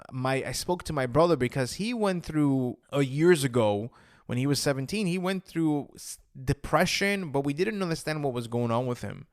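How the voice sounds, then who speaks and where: A man's voice: on the high side, dry recording, studio quality. A man telling his personal story, re-enacting his own past words with rising emotion and saying "I'm like" again and again.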